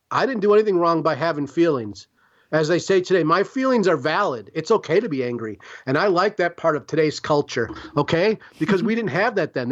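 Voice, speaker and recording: A man's voice: a little high, lo-fi sound. A man from Chicago, a guest on a podcast interview, talking in a rambling, emphatic and profane way. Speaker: guest artist.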